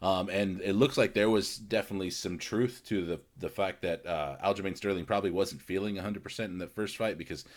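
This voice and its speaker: A man's voice: deep voice, a little fast, few pauses. A man co-hosting a podcast, rambling in casual chat with many restarts and fillers. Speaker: podcast co-host.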